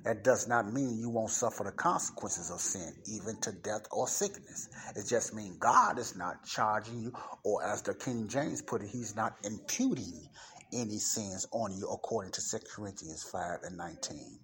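A man's voice: lowish voice, lively intonation, moderate pace, fairly bright tone, slight background noise. A man from Chicago with a Chicago accent, teaching the Bible on a podcast in an emphatic, repetitive preaching style. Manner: emphatic, repeats key points, punches up stressed words.

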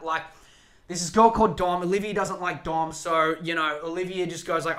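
A man's voice: a little high, a little fast. A young man hosting a podcast, ranting in a casual, rambling way with lots of swearing and restarts. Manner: rambling, profane, animated, self-interrupting. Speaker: podcast host.

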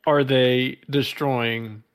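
A man's voice: mid-range voice, steady tone, drawn-out words. A man co-hosting a casual podcast, throwing in teasing jokes. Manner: joking, teasing interjections. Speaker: podcast co-host.

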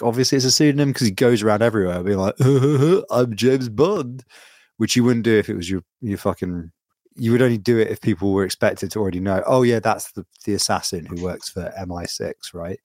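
A rambling man with a fairly low voice, co-hosting a loose podcast chat over a call. He tells stories in an animated way and acts out the quotes. The sound is dry and close. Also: no room sound. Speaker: podcast co-host. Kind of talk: casual chat.

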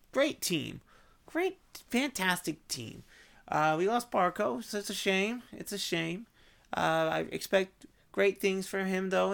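A man rambling in a casual vlog monologue, swearing and cutting himself off, in an unusually high, strained voice. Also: creaky, a bit bright. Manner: rambling, swearing, self-interrupting. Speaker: vlogger.

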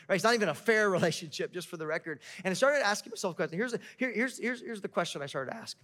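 A man's voice: high voice, lively intonation, racing, hardly any pauses, a bit bright. A male pastor preaching a sermon in a conversational way, asking the congregation rhetorical questions.

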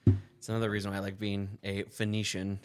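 A man's voice: lowish voice, completely flat delivery, fast, over music. A young man co-hosting a podcast in casual chat, joking and teasing, swearing and laughing easily. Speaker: podcast co-host.

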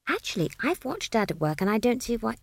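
A woman's voice: on the high side, sing-song, a little fast, gravelly, no echo, studio quality, pitched above the performer's own voice, exaggerated voice. A woman voicing an earnest, curious young girl full of questions, in a storybook reading.

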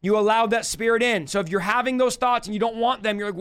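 Young adult male preacher, live teaching; smooth, high-pitched, forceful and repetitive delivery. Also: steady tone, fast, hardly any pauses. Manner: emphatic, repetitive exhortation.

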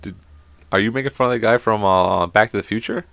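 A man co-hosting a casual podcast, rambling and swearing freely, quick to laugh. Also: lowish voice, vocal fry, a bit bright, no room sound. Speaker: podcast co-host.

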